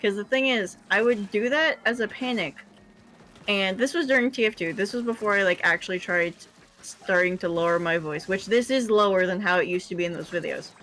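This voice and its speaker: Woman streamer, casual gaming chat, mid-pitched, salty language, animated storyteller. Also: fairly quick, slight background noise. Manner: swears freely, animated storytelling.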